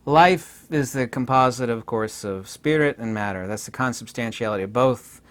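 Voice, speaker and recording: A man giving an unscripted solo talk as a channel host, digressive and self-assured, with sudden bursts of higher, louder emphasis. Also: normal speed. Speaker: channel host lecturing on philosophy.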